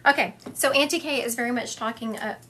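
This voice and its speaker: A woman's voice: a little high, fast, fairly bright tone, a little hiss or hum. A woman, a psychic medium giving readings to viewers on a livestream from her home, chatty and affectionate, calling people honey and laughing often. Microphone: phone livestream.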